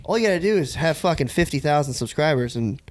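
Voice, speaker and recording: A young man hosting a casual podcast chat, relaxed and swearing freely. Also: a little high, quick pace, no room sound. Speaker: podcast host.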